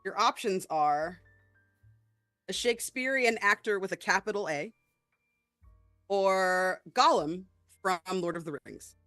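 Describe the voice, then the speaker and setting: A woman's voice: mid-range voice, expressive, takes it slowly, pauses often, fairly bright tone, dry recording, soft background music. A woman hosting a live game stream in casual chat, bubbly and hesitant, with frequent fillers. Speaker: stream host.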